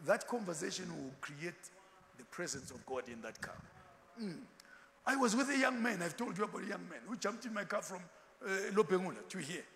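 A man preaches with a high, lively voice that swings widely in pitch. His tone is bright and forceful. The long echo of a large church hall trails behind his words. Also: fairly quick, creaky, slight background noise. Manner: animated, switching into Ndebele asides and acted quotes. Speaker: pastor. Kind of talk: sermon.

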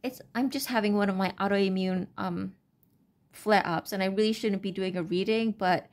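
A woman giving a casual, unscripted tarot reading, talking in a halting, rambling way with many fillers and restarts. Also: medium pitch, steady tone. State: brain fog, stuttering. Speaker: tarot reader.

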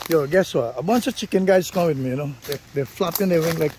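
A man's voice: a little high, fast, few pauses. A man vlogging outdoors in the bush, chatting enthusiastically to his viewers while driving. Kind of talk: casual vlog narration. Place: outdoors in rural bush, often driving a vehicle. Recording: outdoor recording with loud engine and wind noise.

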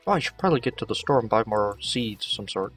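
A man's voice: lowish voice, expressive, fast, a bit bright, breathy edge, far from the mic, soft background music. A man giving casual gameplay commentary, chatting to the characters as he plays. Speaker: let's play host.

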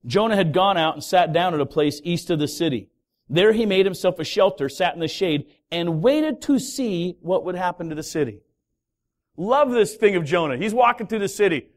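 A man, a pastor, preaching a sermon with dramatic storytelling that swings from loud to hushed. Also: sits high, expressive, moderate pace.

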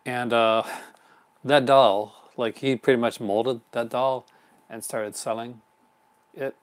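A man's voice: mid-range voice, fairly even intonation, takes it slowly. A man hosting a live unboxing stream in casual chat, rambling and chuckling often. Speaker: host.

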